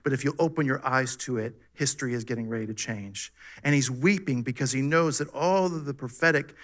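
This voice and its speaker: A man preaching a sermon as pastor, animated and full of rhetorical questions to his congregation. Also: medium pitch, fairly quick. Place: church sanctuary.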